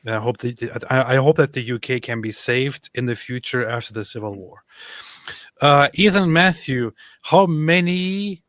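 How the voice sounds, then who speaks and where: A man co-hosting a livestream, reading viewer messages aloud in a loose, halting manner full of fillers and restarts. His voice sits at a middle pitch and sounds dry and close to the mic. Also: a bit bright, dry recording. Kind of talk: casual chat.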